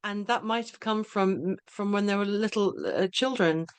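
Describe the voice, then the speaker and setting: A woman's voice: mid-range voice, normal speed, clean tone, no echo. Woman host on a podcast, lots of ums and agreeing, dead dry audio. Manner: agreeable, hesitant, many fillers. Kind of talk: podcast interview.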